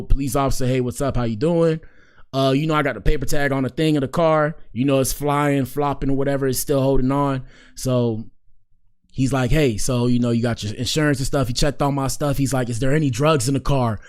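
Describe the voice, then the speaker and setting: A soft-spoken man in his twenties, a podcast host telling a story in a slangy, rambling way and repeating phrases for effect. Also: mid-range voice, steady tone, a little fast. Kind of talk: casual storytelling.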